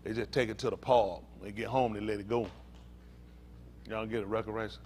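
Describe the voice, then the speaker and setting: Animated man preaching with stories. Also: lowish voice, a little fast, a little hiss or hum. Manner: animated, laughing storytelling with Southern slang. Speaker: pastor. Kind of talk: storytelling sermon.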